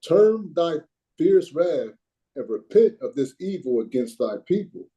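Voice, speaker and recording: A man reads scripture aloud in a very dark, mellow voice. His reading is steady and formal, taking the old wording line by line. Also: a little high, measured pace, low-quality recording. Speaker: scripture reader.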